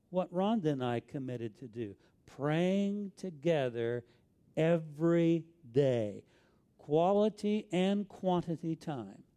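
A man's voice: a little high, mellow. A middle-aged man with an Arkansas accent, preaching a sermon as a pastor, telling stories in an earnest, folksy way.

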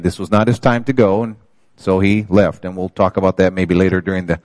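A man's voice: low-pitched, flat delivery, brisk, darkish tone, dry recording. An older man preaching a sermon, calling out to his congregation and reading scripture aloud with rising emphasis. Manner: preaching with call-outs to the congregation. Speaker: pastor.

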